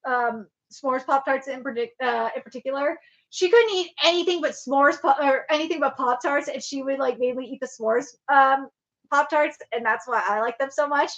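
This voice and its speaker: Bright, high-voiced woman streamer rambling. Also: normal speed, highs cut off. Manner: rambling, swearing, emphatic repeats. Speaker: livestream host. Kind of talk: casual livestream chat. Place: home room with laptop at a desk. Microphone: webcam.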